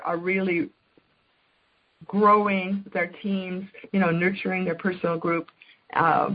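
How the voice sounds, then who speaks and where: A man hosting a group conference call, speaking haltingly with many fillers. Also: high voice, slightly rough. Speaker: call host. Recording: muffled phone-line audio.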